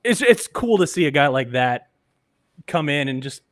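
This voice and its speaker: A man's voice: on the high side, moderate pace, no room sound, clean studio sound. Upbeat man telling a sports story. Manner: animated anecdotes, acts out quoted voices. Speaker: radio engineer, podcast guest. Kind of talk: casual storytelling.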